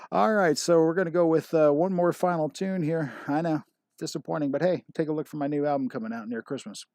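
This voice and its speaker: A man's voice: a little high, moderate pace, a little mellow, no echo, clean studio sound. A man hosting a casual livestream and calling bingo numbers, chuckling often with self-deprecating banter. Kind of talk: casual live-stream chat.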